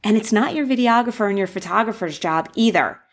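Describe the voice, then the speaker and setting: A young woman casually telling the story of her wedding and giving advice, animated, acting out the quoted voices with gasps. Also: mid-range voice, brisk. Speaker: bride sharing wedding advice.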